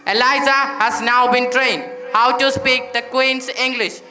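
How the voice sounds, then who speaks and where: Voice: medium pitch, fairly even intonation, unhurried, over music. A student narrator announcing scenes and explaining the story between acts of a school play.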